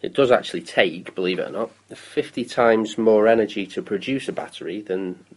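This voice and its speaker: Low-voiced man explaining recycling. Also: brisk, rough recording. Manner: hesitant, many ums and restarts. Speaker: council recycling officer. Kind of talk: casual radio chat.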